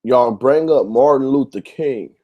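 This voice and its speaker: A man's voice: medium pitch, unhurried, lo-fi sound. Heated, profane man ranting on his show. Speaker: YouTube show host. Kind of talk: ranting monologue to camera.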